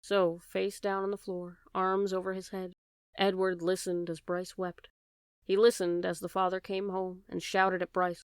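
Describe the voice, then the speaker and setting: A woman reading a children's novel aloud with steady, gentle narration. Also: fairly low pitch, unhurried, clean tone, no room sound, clean studio sound. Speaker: audiobook reader. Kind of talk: storybook narration.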